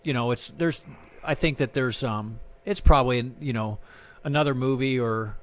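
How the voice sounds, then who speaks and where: A man's voice: mid-range voice, normal speed. Middle-aged guy rambling on in a casual interview, lots of restarts, pokes fun at himself. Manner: rambling, self-deprecating, many restarts. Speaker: guest artist and filmmaker.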